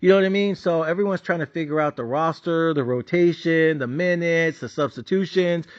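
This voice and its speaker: A man's voice: fairly high pitch, a little fast. A man hosting a sports betting channel, ranting casually and bluntly about his team with a lot of profanity. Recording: dull lo-fi sound.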